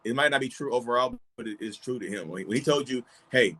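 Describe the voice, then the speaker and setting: A man hosting a casual live-stream chat, animated, laughing often and acting out little quoted voices. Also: medium pitch, fast. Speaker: host.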